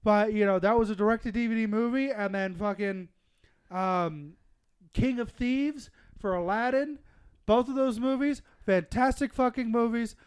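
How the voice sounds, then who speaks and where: Man, podcast co-host, emphatic swearing rants, smooth resonant voice, dry recording. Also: sits high, normal speed, dry recording, low-quality recording. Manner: emphatic ranting with heavy swearing. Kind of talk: casual chat.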